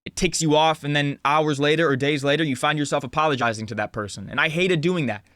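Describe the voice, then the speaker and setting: Young man in his twenties, earnest motivational vlogger, a touch higher than most men, dry sound. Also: quick pace, a bit bright, no echo. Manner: earnest, talks with lots of "like" and restarts. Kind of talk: casual motivational monologue.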